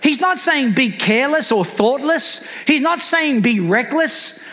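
A man's voice: very high-pitched, expressive, measured pace, hardly any pauses, sharp tone, in a large hall. A man preaching a sermon as a pastor, calling out to the congregation with rising fervor.

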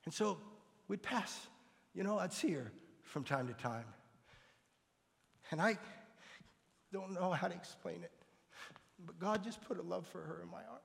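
A man's voice: high-pitched, measured pace, vocal fry, long pauses, long reverb tail. An older man, a pastor, telling a personal story in an earnest, conversational way. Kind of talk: storytelling sermon.

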